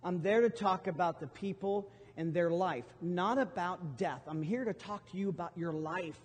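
A middle-aged man preaching a sermon as pastor, storytelling with emphatic, sudden loud bursts. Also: sits high, moderate pace, husky. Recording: long hall reverb from a sanctuary.

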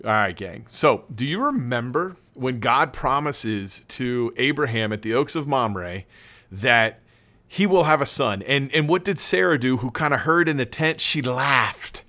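Male pastor, conversational preacher, retells scripture casually and lively, mid-range voice. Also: mid-range voice, unhurried. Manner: conversational, animated, calls listeners "gang". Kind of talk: informal sermon retelling a Bible story.

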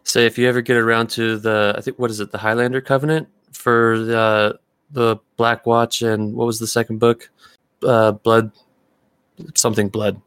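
A man hosting a casual podcast interview, relaxed and hesitant, with many fillers. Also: mid-range voice, normal speed, clean tone, no echo, studio quality. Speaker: podcast host.

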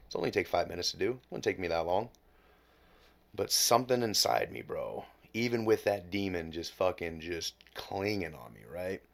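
A man in his late twenties with a very low, deep voice tells a painful story as a podcast guest. He swears freely and falls quiet and hushed at the hardest moments, speaking candidly and with raw emotion. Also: big pitch swings, normal speed, gravelly. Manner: emotional, heavy swearing, drops to near whisper at low points.

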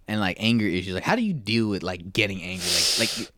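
Fast-talking young man, casual podcast chat. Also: fairly low pitch, expressive, fairly bright tone. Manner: rambling, filler-heavy, swears often. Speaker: podcast co-host. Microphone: podcast mic.

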